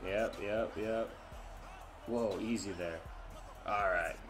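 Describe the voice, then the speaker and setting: A man narrates his gameplay in a relaxed, chatty way, groaning and exclaiming at each setback. His voice sits fairly low and he takes his time with the words. Faint music plays underneath him. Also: slow pace. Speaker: gamer. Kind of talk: casual gameplay commentary.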